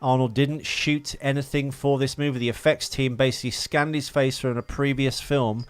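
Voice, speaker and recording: A man's voice: mid-range voice, steady tone, normal speed, clear, resonant tone, no room sound. Rambling man chatting about films. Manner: rambling, hesitant, lots of uh and restarts. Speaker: podcast co-host. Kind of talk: casual film chat.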